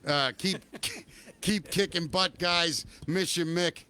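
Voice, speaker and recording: A man hosts a loose live talk show in a bright, slightly high voice. He rambles, hedges his opinions and cheerfully plugs the chat room and phone line. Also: slow, smooth. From Baltimore, Maryland. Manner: rambling, hedging, upbeat plugs. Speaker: podcast host.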